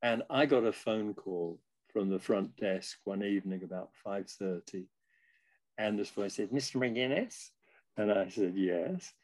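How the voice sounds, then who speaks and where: An older man, a guest musician, telling a lively anecdote in a casual interview, now and then slipping into the voices of the people in his story. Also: lowish voice, normal speed.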